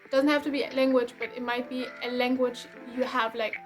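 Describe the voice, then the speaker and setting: A woman's voice: high voice, fairly even intonation, brisk, faint music behind. A young woman from Germany with a German accent, giving a casual, rambling tarot reading with frequent restarts and light laughs. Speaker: tarot reader.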